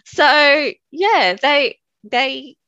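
A woman's voice: high voice, expressive, extremely slow, sharp tone, no echo, lo-fi sound. A woman with an Australian accent, a guest animal communicator who tells chatty stories and laughs often. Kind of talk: casual conversation.

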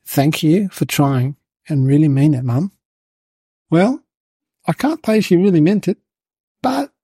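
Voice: mid-range voice, warm tone, slightly rough, no room sound, clean studio sound. A performer voicing a cheeky, chatty little boy who rambles on and fusses about fairness and manners, in a comedic monologue.

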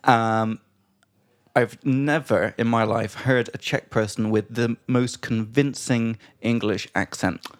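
A man's voice: medium pitch, steady tone, takes it slowly. A man hosting a podcast in casual chat, talking in an upbeat, self-mocking way and laughing often. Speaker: podcast host.

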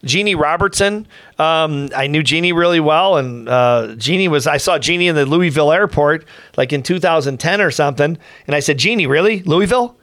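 A middle-aged man tells a long story from his working life in a casual, wandering way, stopping to restart his sentences and toss in asides. His voice sits slightly high for a man. The sound is dry and close, with no room around it. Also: brisk, dry recording. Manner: rambling, many restarts and asides, animated quotes. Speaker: podcast host, professional speaker.

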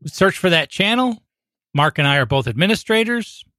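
Bright-voiced podcast co-host man. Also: high voice, big pitch swings, normal speed, dry recording. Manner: friendly, explains step by step. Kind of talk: casual podcast chat.

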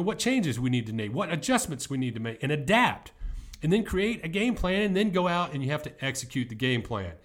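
A man's voice: on the high side, a bit bright. A middle-aged man who coaches football, giving an earnest, emphatic motivational talk.

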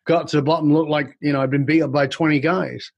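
Husky man telling his story candidly. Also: on the high side, fairly even intonation, fast, dry recording, muffled recording. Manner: candid, reflective, with casual swearing. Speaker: guest. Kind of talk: personal storytelling in a podcast interview.

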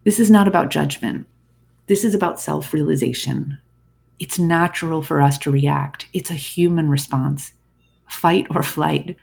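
Gravelly, husky self-help podcast host. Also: mid-range voice, a little slow. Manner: calm, reflective, addresses listener directly. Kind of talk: scripted self-help monologue.

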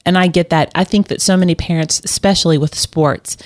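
A middle-aged woman chatting casually, rambling and self-deprecating, with halting restarts. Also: lowish voice, steady tone, dry recording, studio quality. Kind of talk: casual chat.

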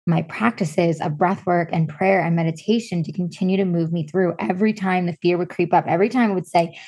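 A woman in her thirties with a slightly husky, lowish voice speaks as a podcast guest. She tells her story in a lively conversational way. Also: fairly quick, few pauses. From California. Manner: animated storytelling, acts out quoted voices. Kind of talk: casual interview chat.

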